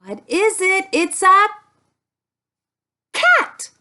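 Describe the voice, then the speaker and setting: Woman, speech therapist, children's lesson, very slow, lively swooping voice, exaggerated sounds. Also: extremely high pitch. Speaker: speech-language pathologist.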